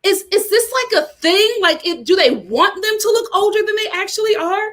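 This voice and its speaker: A woman ranting as a reality TV commentator, talking in an animated, exasperated way. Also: very high-pitched, moderate pace. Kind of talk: casual chat.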